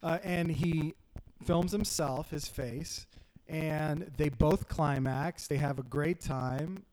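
A man's voice: a little high, takes it slowly, rough recording. A man co-hosting a podcast, telling a long story in casual chat with a lot of swearing. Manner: animated storyteller, heavy swearing. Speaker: podcast co-host.

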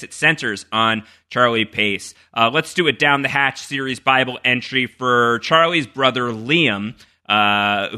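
A man's voice: medium pitch, bright, forceful tone. A man hosting a podcast in casual chat, rambling with many fillers and restarts. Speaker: podcast host.

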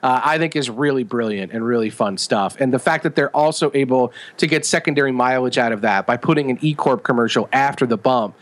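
A man co-hosting a casual chat, retelling scenes with animated enthusiasm and lots of fillers. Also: medium pitch, brisk, hardly any pauses. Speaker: podcast co-host.

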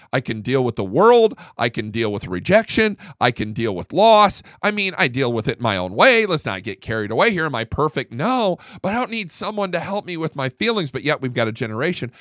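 A man's voice: high-pitched, a bit bright, dry recording, studio quality. Heated middle-aged man ranting bluntly. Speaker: podcast host. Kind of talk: casual monologue.

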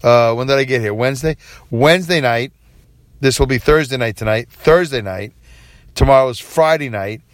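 A man's voice: medium pitch, moderate pace, dry recording, clean studio sound. Sleepy man doing a late night solo podcast, rambly and open, restarts a lot, middle-aged. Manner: rambling, candid, many fillers and restarts. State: tired, yawning. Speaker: podcast host.

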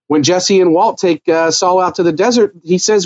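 A man's voice: sits high, animated, moderate pace, hardly any pauses, a little mellow, muffled recording. A man co-hosting a casual TV recap podcast, talking things through in a thoughtful, analytical way. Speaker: podcast co-host.

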